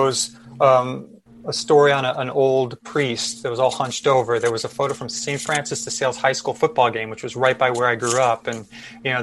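Man in his fifties, mid-pitched, loose rambling storyteller on a podcast. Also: fairly bright tone. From Chicago, USA. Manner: rambling with many fillers and restarts. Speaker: podcast guest photojournalist. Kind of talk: casual storytelling interview.

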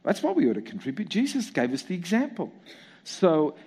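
A man preaching a sermon in an animated way, full of rhetorical questions and repetition. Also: high-pitched, fairly quick, breathy edge. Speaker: pastor.

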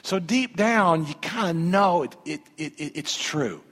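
A male pastor preaching a sermon, animated, swinging from hushed lines to loud ones. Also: a little high, measured pace. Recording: long hall reverb.

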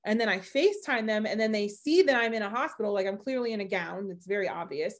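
Young adult woman, podcast guest, lively storyteller who acts out the quotes. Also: medium pitch, fast. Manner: animated storyteller acting out quoted voices.

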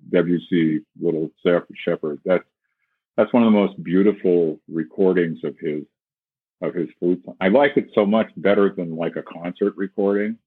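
Man, flute teacher, very low voice, husky, tinny phone-like sound, casual explanation. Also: dry recording. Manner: demonstrates with sung syllables and quoted voices. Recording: tinny phone-like call audio.

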